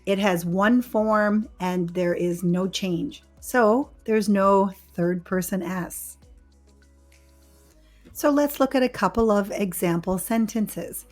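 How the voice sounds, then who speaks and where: A woman English teacher giving a scripted grammar lesson, explaining patiently and clearly and stressing the key words. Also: mid-range voice, slow, a little mellow, faint music behind.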